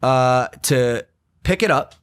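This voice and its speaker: A man's voice: mid-range voice, slow pace, smooth, dry recording. A young man in his twenties hosting a podcast, telling a story in casual chat and acting out quotes in a raised voice. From United States. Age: 20s. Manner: animated, acts out quotes in a raised voice. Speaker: podcast host.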